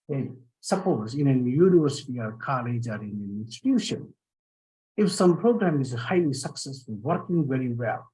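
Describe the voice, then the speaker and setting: A man's voice: medium pitch, dark tone, rough recording. A man on a webinar panel making points in clipped, emphatic phrases. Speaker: panelist giving closing comments.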